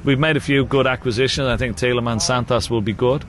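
A man's voice: medium pitch, steady tone, fast talker, a bit bright. A man with an Irish accent, a guest chatting casually in a radio interview, laughing often and using many fillers. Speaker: guest, former sports champion.

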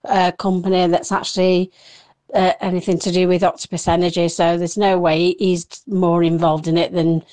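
A woman's voice: lowish voice, level tone, normal speed, a little mellow. Rambling woman calling a radio show. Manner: rambling, hesitant. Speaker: caller.

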